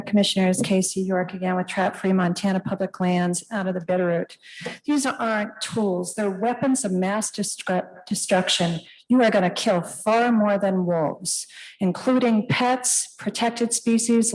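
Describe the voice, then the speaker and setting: A woman speaks at a commission hearing with mounting indignation. She drives each point home with blunt emphasis in a mid-pitched voice. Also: a little slow, darkish tone, low-quality recording. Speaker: public commenter. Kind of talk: public comment at a hearing.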